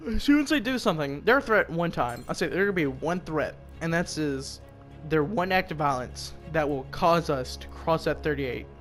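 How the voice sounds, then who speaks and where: Playing a game, a young American commentator swears and rambles, skipping between subjects and tossing in asides. His voice is fairly high, expressive and fairly bright, at a normal pace, with the game's music and gunfire behind him.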